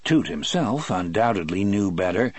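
A man reading an audiobook aloud in a measured, wry storytelling manner. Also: lowish voice, animated, dry recording. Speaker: narrator. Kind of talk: audiobook narration.

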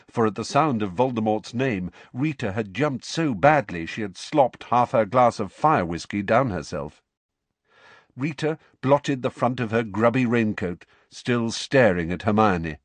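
A man narrates a storybook with an expressive, animated reading. His pitch moves freely over a wide range. The recording is dry and close, with no room sound. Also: no room sound. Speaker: audiobook reader.

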